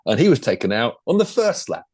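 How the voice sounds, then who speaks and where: A man's voice: medium pitch, big pitch swings, fairly quick, a little mellow, dry recording. An older man with a chatty, rambling manner, talking casually about motorsport as a podcast co-host. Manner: chatty, rambling, full of asides. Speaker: podcast co-host and former racing driver.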